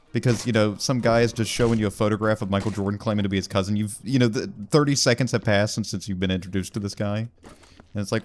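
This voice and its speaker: A man's voice: lowish voice, fast, a little hiss or hum. A young man doing casual gameplay commentary, telling rambling, wry stories with lots of fillers. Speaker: gaming video creator.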